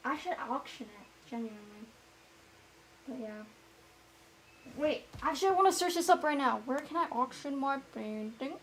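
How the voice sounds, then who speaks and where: A woman vlogger chatting casually to herself as she paints, rambling and self-mocking as she thinks out loud. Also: high-pitched, expressive, normal speed, pauses often, slight background noise, poor audio.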